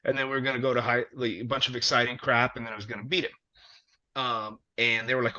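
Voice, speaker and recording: A man, a wrestler, telling a long story in casual conversation, animated and profane with plenty of fillers. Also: mid-range voice, fast talker. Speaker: wrestler guest. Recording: dull lo-fi audio.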